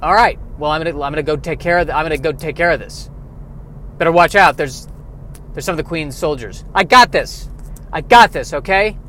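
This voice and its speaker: A man's voice: on the high side, a little fast, pushed and bright, slight background noise. Hans, a man doing a brash action-hero big brother. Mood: cocky. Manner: clumsy impression without the accent.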